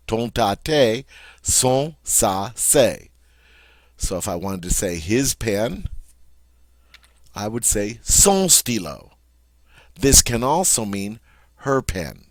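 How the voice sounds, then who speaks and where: A man teaching French grammar in a patient way, often repeating words slowly and checking in with "all right?". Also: fairly low pitch, no room sound. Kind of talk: classroom grammar lesson.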